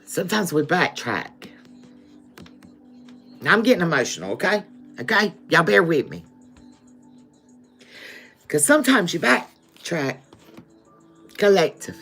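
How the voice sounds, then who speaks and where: A woman's voice: fairly low pitch, big pitch swings, a little slow, pauses often, fairly bright tone, faint music behind. A woman giving a live-stream tarot reading, addressing her viewers as "collective" and checking in with "okay?" often. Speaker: tarot reader.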